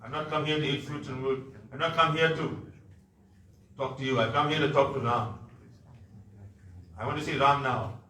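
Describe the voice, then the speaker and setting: A man voicing a hot-tempered old male sage who loudly demands and scolds, recorded in an echoey room away from the mic. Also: mid-range voice, fairly even intonation, moderate pace, pauses often, lightly acted. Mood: impatient. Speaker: storyteller. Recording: echoey room, mic far off, faint noise.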